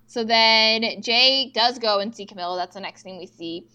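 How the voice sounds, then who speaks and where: Young female podcast co-host, casual, animated, higher voice. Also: normal speed, clear, resonant tone, dull audio. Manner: animated retelling with quoted dialogue and swearing. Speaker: podcast co-host recapping episodes. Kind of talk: casual chat.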